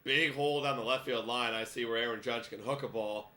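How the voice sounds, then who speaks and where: A man's voice: medium pitch, steady tone, a little fast, sharp tone. A young man hosting a podcast, chatty and rambling as he gives live play-by-play reaction to a ballgame. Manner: chatty, rambling, laughs often. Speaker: podcast host.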